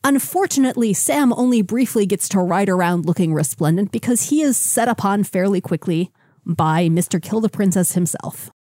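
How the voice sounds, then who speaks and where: A woman co-hosting a podcast, recapping a comic in a quick, sardonic storytelling way. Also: mid-range voice, animated, darkish tone, dry recording, studio quality. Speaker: podcast co-host. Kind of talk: casual comic-book chat.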